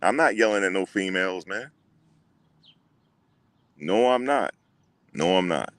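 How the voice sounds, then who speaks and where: A man hosting a casual livestream, talking back to his chat in an animated way and repeating what others said. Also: low-pitched, unhurried, dry recording. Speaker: livestream host.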